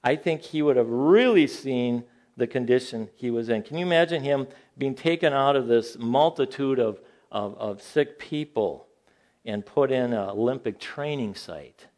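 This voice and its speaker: At a normal speed, an older man gives an informal sermon to his Bible class, animatedly telling stories. He rises in pitch to sound incredulous and goes low and quiet whenever he makes an aside.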